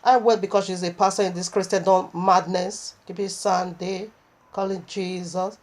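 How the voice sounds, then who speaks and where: A woman's voice: on the low side, level tone, moderate pace. A woman preaching a sermon, impassioned and repetitive, with stammering restarts as she recounts a vision.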